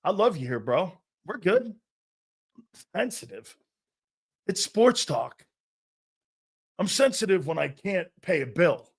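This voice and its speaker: A man hosting a live sports talk show, brash and animated, talking back to his chat and laughing at himself. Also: high-pitched, slow pace, pauses often, breathy edge.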